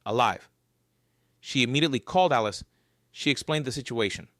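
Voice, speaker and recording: A man narrating a scripted story in a lively, varied storytelling voice. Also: mid-range voice, quick pace, no echo, clean studio sound.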